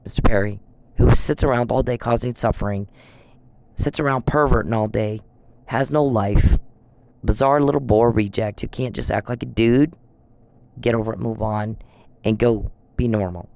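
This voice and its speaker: A woman's voice: extremely low pitch, moderate pace, creaky, darkish tone. A woman ranting straight at someone in a blunt, accusatory, profane vlog monologue. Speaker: vlogger. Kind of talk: angry direct-address rant.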